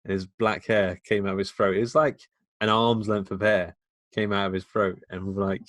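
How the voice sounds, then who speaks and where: A man's voice: lowish voice, little pitch movement, brisk, fairly bright tone, no echo. Laughing man with a Midlands accent. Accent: English Midlands. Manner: chatty, laughs often, rambling. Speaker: podcast co-host. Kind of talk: casual film chat.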